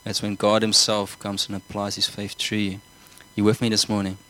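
A man's voice: fairly low pitch, monotone, normal speed, pushed and bright, slight background noise, low-quality recording. A man preaching a sermon, earnest, often repeating words and asking the congregation whether they follow. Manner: earnest, repeats himself, asks the congregation questions.

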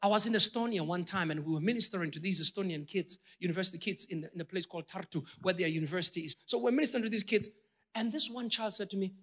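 A man preaching a sermon with passion, talking straight to his congregation and rising to shouted peaks. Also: high voice, fast. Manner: addresses the congregation directly.

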